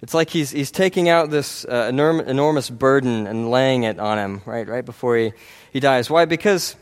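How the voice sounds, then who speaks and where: A man's voice: mid-range voice, moderate pace. A man preaching a sermon in an earnest, conversational way, often checking in with the congregation. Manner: earnest, conversational, frequent "right?" tags and restarts.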